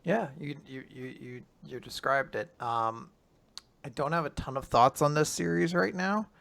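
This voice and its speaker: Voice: medium pitch, normal speed, creaky, fairly bright tone. A podcast co-host chatting casually, with joking, sarcastic asides. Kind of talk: casual banter.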